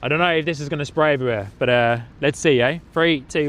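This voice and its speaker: A man's voice: medium pitch, quick pace, hardly any pauses, fairly bright tone, slight background noise. A man from the UK with an English accent tinged by New Zealand, hosting a plane-spotting livestream outdoors in an airport car park. He talks in an upbeat, casual way, with lots of filler words and restarts. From United Kingdom. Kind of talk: casual live-stream chat.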